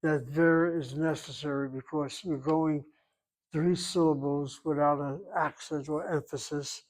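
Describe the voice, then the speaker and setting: A man's voice: on the high side, steady tone, a little slow, rough recording. Older man teaching a Hebrew grammar class. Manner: patient, explanatory, repeats points, clears throat. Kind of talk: online class lecture.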